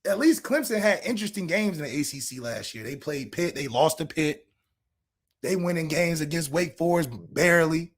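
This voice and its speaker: A sports podcast co-host trash-talks in a sarcastic rant, firing off rhetorical questions that sometimes break into shouts at the peaks. His high voice swings widely with lively intonation, and he speaks at normal speed.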